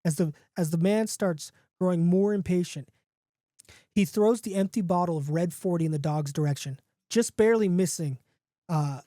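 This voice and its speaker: Mellow-voiced man reading a comic horror story. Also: high voice, no echo, studio quality. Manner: casual, jokey, with restarts and asides. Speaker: podcast host.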